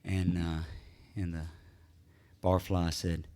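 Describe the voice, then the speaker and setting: A man's voice: deep voice, level tone, takes it slowly, dark tone, clean tone. A man from Houston, a singer-songwriter easily telling stories between songs at a live gig, with plenty of fillers and restarts. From Houston, Texas. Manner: easygoing storyteller with many fillers and restarts. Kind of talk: stage banter between songs. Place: live music venue.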